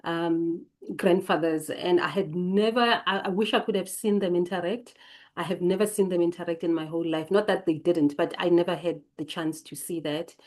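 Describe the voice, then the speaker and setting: A woman's voice: lowish voice, warm tone. A South African woman in her late forties, hosting her channel and sharing family memories in a thoughtful, digressive way, reading lines from her notes and then commenting on them. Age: late 40s. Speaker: channel host. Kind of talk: reflective personal storytelling from notes.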